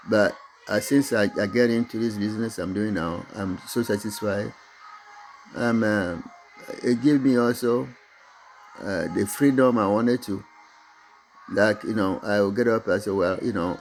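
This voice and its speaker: Speaking English with a Togolese accent, a middle-aged Mina-speaking man talks haltingly and motivationally about the business he owns, stumbling through restarts and fillers. His voice sits fairly low with a slightly mellow quality, over slight background noise.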